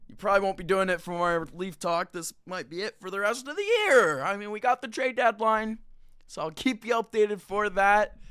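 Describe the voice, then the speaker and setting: A man's voice: high voice, pushed and bright, smooth. A young man hosting a live sports talk stream, ranting with passion and frustration from his own mic. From Canada. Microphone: own mic, moved during check.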